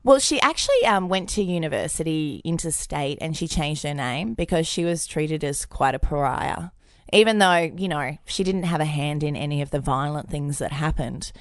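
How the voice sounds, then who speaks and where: Woman, young, teasing podcast co-host, bouncy expressive pitch, dry sound. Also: normal speed, dry recording. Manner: playful, laughs often, teasing. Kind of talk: casual chat.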